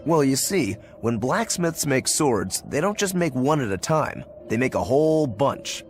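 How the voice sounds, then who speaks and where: A man's voice: mid-range voice, big pitch swings, a little slow, slight background noise. An actor voicing a laid-back young swordsman in a video game, easygoing and matter-of-fact. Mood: calm.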